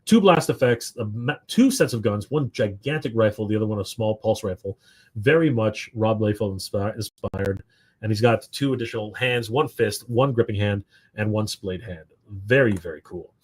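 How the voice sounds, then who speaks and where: A man hosting a live stream, rambling excitedly with lots of fillers and restarts. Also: on the low side, normal speed, husky. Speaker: toy show host. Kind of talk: casual live-stream commentary.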